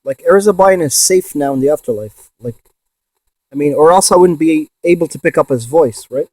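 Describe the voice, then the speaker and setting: A man in a ghost box session vlog, excitedly calling out to spirits and swearing when he insists to viewers. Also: fairly high pitch, brisk, no room sound. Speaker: paranormal investigator.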